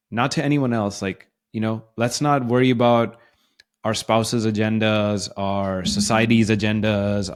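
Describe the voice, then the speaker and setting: Encouraging man giving motivational advice. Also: lowish voice. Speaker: podcast co-host and life coach. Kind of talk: casual podcast conversation.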